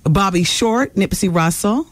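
A woman hosting a call-in radio show, bantering with callers in a brash, teasing, quick-witted way. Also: mid-range voice, expressive, no echo.

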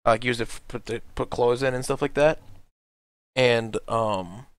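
A man's voice: medium pitch, steady tone, moderate pace, clean tone, dry recording. A young man telling a rambling, profane anecdote in casual podcast chat. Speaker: podcast co-host.

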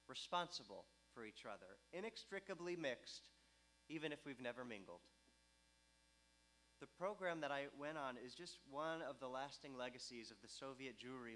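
A man, a rabbi, giving a measured, earnest sermon in a synagogue, slowing down to stress key words. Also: medium pitch, pushed and bright, rough recording. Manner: measured, earnest, slows for emphasis. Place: synagogue sanctuary.

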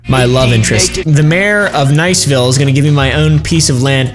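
A man's voice: medium pitch, fairly quick. A young man giving casual, crude, joking commentary while playing a game, swearing often. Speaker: gaming YouTuber. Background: game music.

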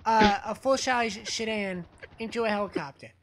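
Young man, high voice, bright tone, sarcastic, mocking, game voice chat. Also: normal speed, a little hiss or hum. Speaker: online gamer trolling other players.

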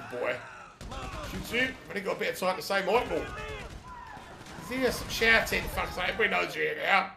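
Sweary British man with a gravelly, lively voice. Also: high-pitched, fast talker. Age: middle-aged. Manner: sweary, laughing, chatty running commentary. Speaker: gamer playing through a video game. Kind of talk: casual let's-play commentary. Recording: echoey room.

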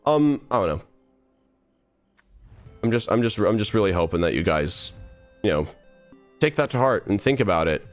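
Earnest young man rambling on stream. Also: fairly low pitch. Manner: rambling, earnest, many restarts and trailing asides. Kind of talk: casual live-stream monologue while gaming.

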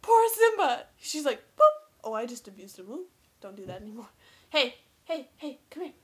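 A woman's voice: a little high, expressive, brisk, a bit bright, breathy edge. A young woman, chatting playfully and breathlessly in her bedroom, giggling and teasing. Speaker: vlogger. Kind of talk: casual chat.

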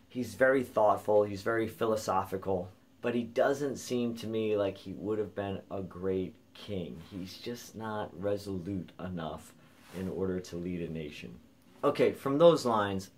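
A man giving a thoughtful spoken lesson on a play, reading lines of verse aloud slowly to count their beats. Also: lowish voice. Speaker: literature lecturer. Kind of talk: explanatory video essay.

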